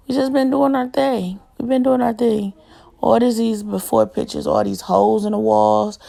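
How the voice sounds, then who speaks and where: Young woman vlogger, chatty and rambling, fairly high voice with heavy vocal fry. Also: mellow. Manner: chatty, rambling, keeps addressing viewers as y'all. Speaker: home decor vlogger. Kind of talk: casual home tour chat.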